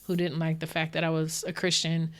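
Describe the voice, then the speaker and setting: A woman's voice: low voice, a little fast. A woman from Dallas, a guest on a faith interview podcast, telling personal stories earnestly, with frequent laughs and restarts. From Dallas, Texas. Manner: animated, earnest, laughs often, many restarts. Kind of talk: candid interview storytelling.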